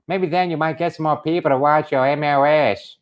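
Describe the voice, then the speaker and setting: A man's voice: a little high, fairly even intonation, a little fast, close to an everyday voice. A man voicing a furious, foul-mouthed wall-builder who rants in broken English. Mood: musing. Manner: broken English, constant swearing, ranting. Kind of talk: comic put-on voice on a livestream.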